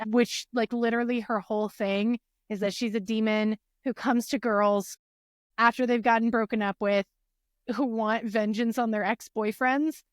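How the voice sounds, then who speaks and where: A woman's voice: a little high, no echo, studio quality. A woman co-hosting a casual podcast chat, telling stories with feeling and acting out the lines she quotes. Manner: animated storyteller, acts out quotes. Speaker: podcast co-host.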